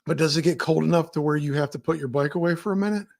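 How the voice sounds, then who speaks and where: A man hosting a podcast, chatty and jokey, firing off quick questions. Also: on the high side, vocal fry, darkish tone. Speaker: podcast host. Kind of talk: casual chat.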